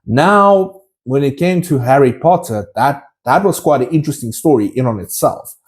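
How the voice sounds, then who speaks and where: A man's voice: mid-range voice, lively intonation, moderate pace. A man vlogging casually to his viewers, enthusiastic and rambling with many restarts. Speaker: collectibles vlogger.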